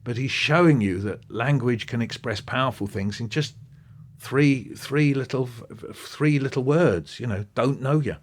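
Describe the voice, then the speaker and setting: A man, an interview guest talking with lively enthusiasm and acting out bits of what he describes. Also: medium pitch, normal speed, slight background noise. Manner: animated, quoting and acting out passages. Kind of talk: podcast interview.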